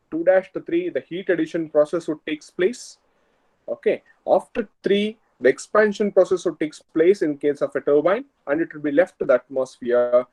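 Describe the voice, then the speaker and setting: A man's voice: fairly high pitch, a little mellow, low-quality recording. A man with a Kannada Indian accent teaching engineering in an online class, explaining step by step and checking if students follow. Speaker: engineering lecturer.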